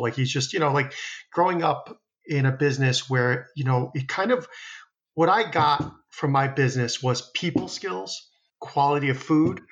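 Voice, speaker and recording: A man's voice: medium pitch, fairly bright tone. Rambling man, dull lo-fi sound. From New Jersey. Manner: rambling, many fillers and restarts. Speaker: restaurant founder, guest. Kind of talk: casual podcast interview.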